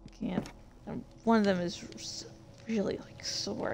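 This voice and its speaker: Slow, chatty woman gaming host. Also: mid-range voice, steady tone, creaky. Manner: chatty, self-deprecating, slow and halting. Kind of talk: casual gameplay commentary.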